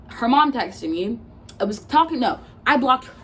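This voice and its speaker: This vlogger, a woman in her twenties, has a higher, slightly bright voice with lively intonation and a normal speed. Her storytime is a casual rant, blunt and full of profanity, as she acts out old arguments line by line in quotes.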